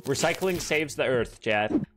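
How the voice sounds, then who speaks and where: A man's voice: mid-range voice, lively intonation, a little slow, a bit bright, faint music behind. A young Canadian man with a Canadian accent, streaming a shop game and joking crudely with his chat. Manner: brash, crude, jokey, talks to chat. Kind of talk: joking gameplay commentary.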